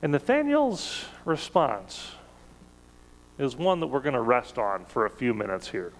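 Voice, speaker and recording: Slow, measured man preaching a sermon. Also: mid-range voice, very animated, long reverb tail, slight background noise, low-quality recording. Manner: measured, conversational preaching with emphatic rises.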